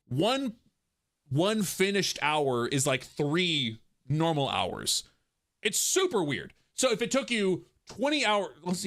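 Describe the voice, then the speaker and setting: Male streamer, upbeat, slightly high voice, chats playfully with his viewers. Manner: animated, jokey, talks to chat. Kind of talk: casual livestream chat.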